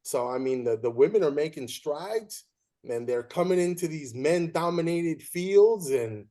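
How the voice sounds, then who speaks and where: Brief: male host, slightly high voice, animated storyteller, casual. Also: measured pace. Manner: animated storyteller who acts out quoted voices. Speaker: podcast host.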